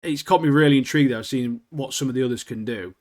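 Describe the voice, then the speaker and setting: A man's voice: mid-range voice, fast talker, a little mellow. A man, co-hosting a casual anime podcast, rambling and laughing as he talks. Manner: rambling, laughs often, lots of "like" and "mate". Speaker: podcast co-host.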